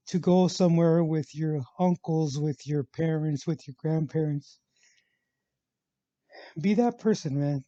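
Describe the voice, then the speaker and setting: With a mellow voice on the high side, he chats on his vlog about a personal trip, wandering off track with constant fillers and restarts and saying "actual" over and over. There's no room sound; the audio is dull, lo-fi and dry.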